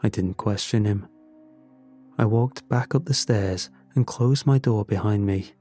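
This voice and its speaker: A man narrating a first-person story in a slow, measured, somber manner. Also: fairly low pitch, warm tone, soft background music.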